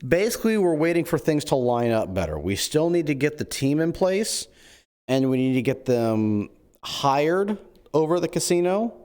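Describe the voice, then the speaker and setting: A man in an in-character role-play stream, talking in an excitable, scheming way. His pitch moves a lot, and he jumps between jokes and plans. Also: moderate pace, clear, resonant tone.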